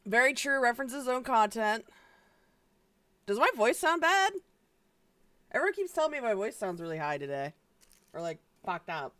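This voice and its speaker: A woman's voice: fairly high pitch, very animated, normal speed, pauses often, fairly bright tone. Woman streamer, casual live chat; rambly, filler-laden, swears freely, trips over her own restarts.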